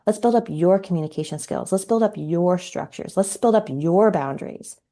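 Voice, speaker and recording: Give me a woman in her forties, a parenting coach, animated and expressive, slightly low-pitched. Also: moderate pace. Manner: animated, acts out quoted dialogue. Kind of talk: podcast interview storytelling.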